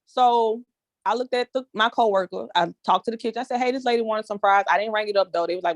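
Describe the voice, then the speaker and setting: A woman's voice: mid-range voice, fast talker, dry recording. A woman leading a small group discussion, telling a casual story in a chatty way and addressing listeners as y'all. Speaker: discussion leader.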